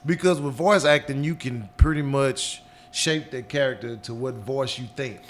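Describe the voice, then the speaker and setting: A man with a deep voice, chatting casually as a guest and repeating words as he rambles. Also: normal speed, slight background noise. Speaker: guest actor and comedian. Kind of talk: casual chat.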